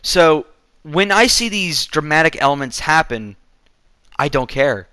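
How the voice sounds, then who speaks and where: A man rants through a movie review with sarcasm and plenty of swearing. His voice sits a bit high and sounds sharp and tense. The sound is close and dry, with no room around it. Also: animated, measured pace, clear, resonant tone, no room sound. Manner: profane, sarcastic ranting. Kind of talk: casual movie review rant.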